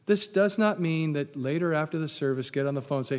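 A man's voice: on the high side, animated, a little fast, few pauses, long reverb tail. A man preaching a sermon as pastor, emphatic, repeating key phrases and putting questions to the congregation.

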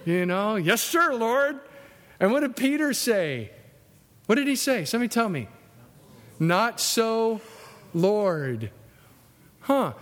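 A man preaching a sermon in a lively, conversational way, jumping into high voices when he acts out what people said. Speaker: pastor. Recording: long hall reverb.

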